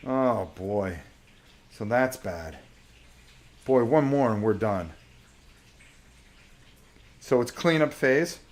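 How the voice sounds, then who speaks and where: Sore-voiced male stream host, unhurried, rules-checking chatter. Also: mid-range voice, big pitch swings, slight background noise. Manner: thinks aloud, checks rules, mutters to himself. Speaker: host playing a solo board wargame on a live stream. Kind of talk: casual live-stream gameplay commentary.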